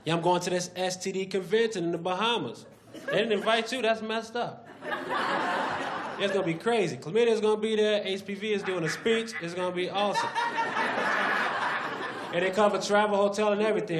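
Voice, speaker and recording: A male stand-up comedian in a comedy club, animated as he acts out characters. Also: high voice, a little fast. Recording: echoey club, loud crowd noise.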